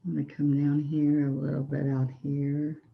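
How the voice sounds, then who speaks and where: A woman with a Southern US accent, a painting instructor giving a relaxed painting tutorial, gently and encouragingly talking through each brushstroke. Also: low-pitched, normal speed, vocal fry, narrow, tinny audio.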